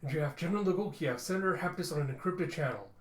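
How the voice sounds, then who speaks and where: A man casually narrating a comic readthrough with rambling asides. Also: a little high. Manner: rambling, quick asides with fillers. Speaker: comic reviewer. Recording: roomy echo.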